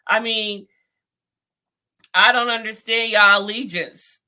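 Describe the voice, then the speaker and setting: A woman's voice: fairly high pitch, fairly even intonation, slow pace, bright, forceful tone. A young adult woman giving outspoken, exasperated political commentary, talking straight to her viewers. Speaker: vlogger.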